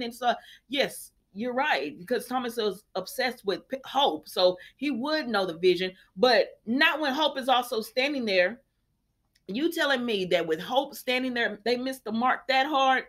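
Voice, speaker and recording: A young woman with a slightly high voice recaps soap episodes in a sassy, opinionated way. She talks casually and throws in the characters' lines with plenty of attitude. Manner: animated, sassy, quick to laugh and act out characters' lines. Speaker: host of a soap opera recap channel.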